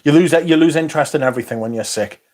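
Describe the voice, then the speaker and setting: A man's voice: on the high side, quick pace, a little mellow. A man talks casually on his livestream. He swears a lot and reads out viewers' comments as he goes. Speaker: livestream host reading chat.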